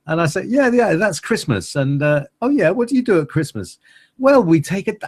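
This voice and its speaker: A chatty, curious ambassador of the duck people, put on by a man. The voice jumps well above his usual, light and bouncy, with a slightly husky edge. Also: sits high, sing-song, normal speed, a little mellow, voice pushed up, full character voice.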